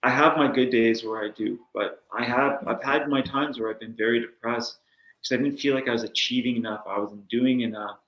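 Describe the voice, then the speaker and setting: An earnest man chatting as a guest on a talk show, reflective and open. His voice sits at an ordinary pitch, and the room around him sounds noticeably echoey. He now and then acts out little inner voices as he talks. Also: steady tone, a little fast, a bit bright. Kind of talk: casual chat.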